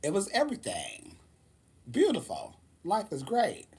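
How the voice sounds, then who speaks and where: A man's voice: high voice, measured pace, breathy edge. Sassy guy w/ chatting on his vlog, laughs a lot, voice bouncing all over. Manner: sassy, animated, laughs often. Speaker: vlogger. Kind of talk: casual storytelling vlog.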